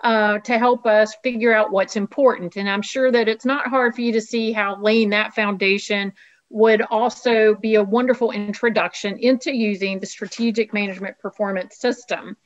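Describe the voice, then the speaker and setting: A woman co-presenting a webinar over a video call with her camera off, explaining a framework briskly and asking rhetorical questions. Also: mid-range voice, steady tone. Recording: muffled video-call audio.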